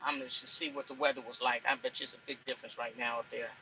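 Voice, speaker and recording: A woman's voice: extremely low pitch, level tone, rapid-fire, sharp tone, muffled recording, a little hiss or hum. A woman truck driver chatting in a casual cooking vlog from inside her truck cab. She rambles and repeats herself as she talks.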